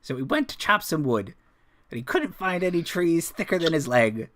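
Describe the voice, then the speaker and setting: A shrill, leering jester. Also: male voice, big pitch swings, moderate pace, fairly bright tone. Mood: mocking. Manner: shrill, taunting, sneering. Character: short gaunt leering male jester, mocking.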